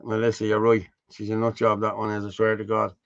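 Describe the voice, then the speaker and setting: A man's voice: fairly low pitch, monotone, fairly quick, a crowd in the background. An Irish man hosting a casual live stream, blunt and scornful, swearing freely. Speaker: host. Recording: dull lo-fi stream audio.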